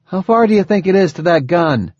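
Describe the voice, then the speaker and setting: A man voicing a calm, determined female army lieutenant in an audiobook, with a raised, steady and clipped delivery. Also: sits high, brisk, no echo, pitched above the performer's own voice. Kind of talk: audiobook character voice. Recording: dull dry lo-fi recording.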